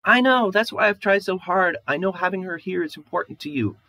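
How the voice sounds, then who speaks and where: A man putting on a shrill, upset young wife. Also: expressive, brisk, creaky, pushed and bright, no room sound, full character voice, rough recording. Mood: pleading. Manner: shrill, pleading, aggrieved. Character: distraught young wife, bitter and tearful.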